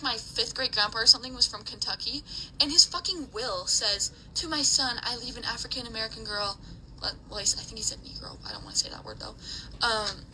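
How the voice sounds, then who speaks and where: A woman's voice: a little high, sharp tone, a little hiss or hum, low-quality recording. A woman giving an angry, emotional rant to camera, swearing often as she talks.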